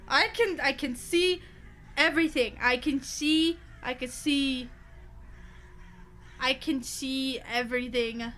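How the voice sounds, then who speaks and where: A woman's voice: high voice, unhurried, long pauses, fairly bright tone. A woman streamer reading horror stories aloud from her bedroom. She swears a lot, gets jumpy, and shrieks when she is scared. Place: home bedroom.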